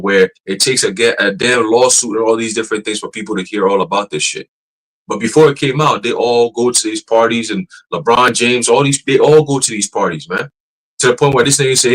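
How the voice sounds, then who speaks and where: Animated, profane man preaching casually. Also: medium pitch, poor audio. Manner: animated, profane, laughing, many restarts. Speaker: church teacher.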